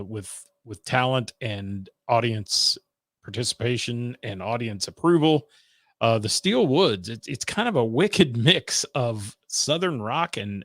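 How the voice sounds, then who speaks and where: A man's voice: medium pitch, a bit bright, dry recording, studio quality. A man hosting a music radio show, chatting casually and rambling with lots of fillers while he thanks viewers for their comments. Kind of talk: casual live-stream chat, reading viewer comments.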